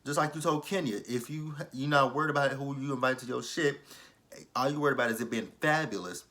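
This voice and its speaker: A young man giving a casual, opinionated recap of a reality show episode, swearing freely and acting out the cast's quotes with big swings in his voice. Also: quick pace. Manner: animated, profane, re-enacts quotes with swings in pitch.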